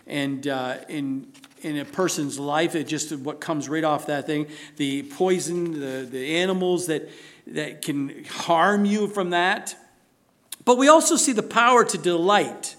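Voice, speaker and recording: A pastor with a high, slightly bright voice delivers a sermon, preaching earnestly and emphatically with rhetorical questions.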